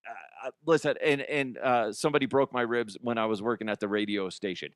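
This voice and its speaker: A man's voice: mid-range voice, brisk, no room sound, clean studio sound. A middle-aged man hosting a comedic news show, rambling, laughing often and making crude jokes. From Colorado, US. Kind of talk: casual comedic news commentary. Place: studio.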